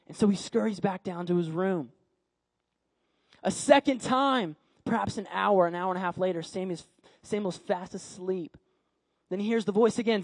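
A male preacher with a high voice delivers an animated storytelling sermon, repeating phrases and pausing for effect. The recording is dry and close, with no room sound. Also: gravelly, husky, no room sound. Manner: animated, repetitive, dramatic pauses.

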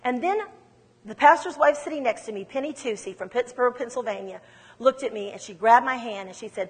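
A woman telling her testimony in a sermon, in an animated, emphatic storytelling manner. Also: on the high side, brisk, husky, long reverb tail. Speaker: speaker giving testimony.

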